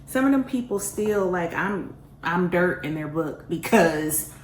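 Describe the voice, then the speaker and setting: A woman telling a personal story in a casual storytime vlog, animated and self-mocking, often laughing. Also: lowish voice, measured pace. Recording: roomy echo, faint background hiss.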